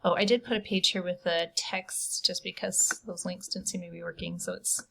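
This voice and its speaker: A woman's voice: lowish voice, steady tone, normal speed, vocal fry, sharp tone. A middle-aged woman teacher recording an online lesson, explaining a grammar point patiently and step by step, with casual asides.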